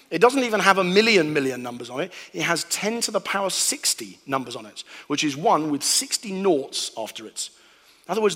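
A man giving a lively, animated talk to an audience, acting out sounds and voices. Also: high-pitched. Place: hall with a live audience. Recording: long hall reverb.

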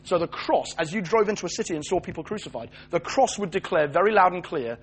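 A British man giving a lively sermon, jokey and animated, acting out voices as he tells the story. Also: high voice, quick pace, few pauses, slight background noise. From Britain. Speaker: preacher.

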